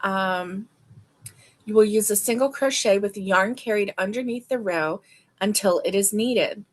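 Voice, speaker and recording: Slow, chatty woman livestream host. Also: medium pitch. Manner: chatty, reads aloud and reacts with delight. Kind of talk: casual livestream chat.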